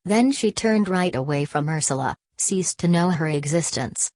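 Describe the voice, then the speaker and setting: Low-voiced woman reading an audiobook. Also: animated, normal speed, a little mellow, dry recording. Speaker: audiobook narrator. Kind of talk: scripted narration.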